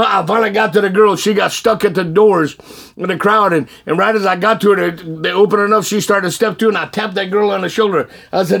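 A man telling his testimony in a casual, animated way, often laughing and acting out the dialogue. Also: a little high, a little fast, gravelly, slightly rough. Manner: animated, laughing storyteller who acts out dialogue. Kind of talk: casual spoken storytelling.

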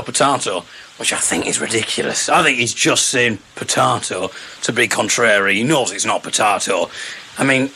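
A man with a bright, forward voice hosts his own podcast in casual solo chat. He rambles jokily and amuses himself, at a middling pitch. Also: a little hiss or hum. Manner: rambling, self-amused, jokey. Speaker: podcast host.

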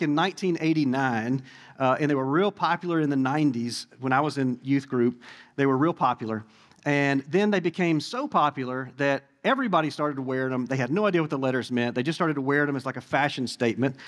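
A man in his forties gives a sermon in a church, speaking in a high voice that swings up and down with lively energy. He keeps it conversational and playful, tossing jokes and asides to the congregation between his points. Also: long reverb tail. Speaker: pastor.

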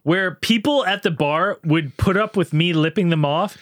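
A man's voice: high voice, normal speed, dry recording, clean studio sound. A young man telling a rowdy story among friends, acting out the other people's voices and laughing often. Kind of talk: casual podcast banter.

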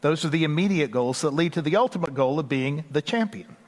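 Folksy Texan pastor, male, fairly high voice, preaching in a big echoing church. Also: lively intonation. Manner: conversational, folksy, with asides and quick bursts. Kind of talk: sermon. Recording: long hall reverb.

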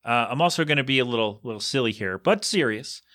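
A man's voice: medium pitch, animated, fast, fairly bright tone, no room sound, clean studio sound. A man hosting his own podcast, rambling casually and jokingly on his own. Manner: chatty, jokey, rambling. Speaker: podcast host.

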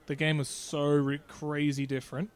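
A man's voice: fairly high pitch, little pitch movement, normal speed, clear, resonant tone. A man co-hosting a gaming podcast in casual chat, blunt and swearing freely. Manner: blunt, swears often, talks over others. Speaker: podcast co-host.

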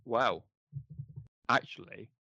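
A man co-hosting a podcast, walking through what happened with plenty of ums and acted-out lines. His voice sits a little low. The sound is dry and close, with no room echo. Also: takes it slowly, vocal fry, sharp tone, dull audio. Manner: recaps with filler ums, acts out lines. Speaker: podcast co-host. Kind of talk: casual chat review.

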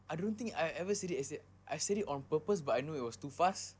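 A man co-hosting a casual podcast chat, switching between Malay and English in an animated, playful way. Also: a little high, quick pace, slightly rough. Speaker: podcast co-host.

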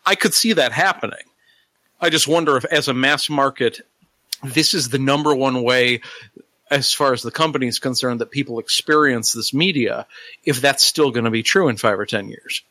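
Bright-voiced middle-aged podcast host. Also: male voice, mid-range voice, moderate pace, no echo. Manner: wraps up the show and reads out contact details. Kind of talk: casual podcast chat.

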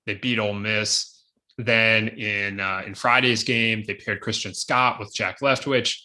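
Bright-voiced man talking college baseball. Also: on the low side, steady tone. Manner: conversational, quick asides. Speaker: podcast co-host. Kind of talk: casual sports chat.

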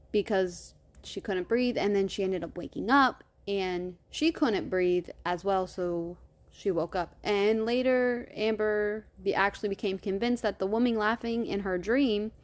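A woman hosting a true crime podcast, retelling the case in a casual, animated way, cursing freely and acting out the quoted lines. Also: mid-range voice.

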